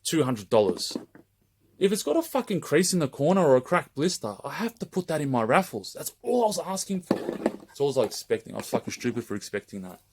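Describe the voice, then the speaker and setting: A man's voice: on the high side, big pitch swings, quick pace, background noise. Heated, foul-mouthed man ranting to camera. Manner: heated, swears constantly, rambling with restarts. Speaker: raffle page organizer. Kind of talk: direct-to-camera open-letter rant.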